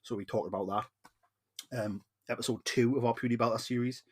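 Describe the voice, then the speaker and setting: A man's voice: medium pitch, fairly even intonation, fairly quick, husky. A man with a Geordie accent hosting a podcast, chatting enthusiastically with plenty of ums. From Newcastle, northeast England. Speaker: podcast host. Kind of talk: casual podcast chat. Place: home podcast setup in Newcastle.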